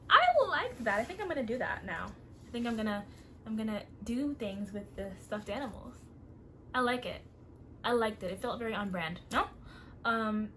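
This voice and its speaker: A woman's voice: on the high side, fairly bright tone, a little hiss or hum. A woman vlogger giving earnest, encouraging advice in a casual talk to camera.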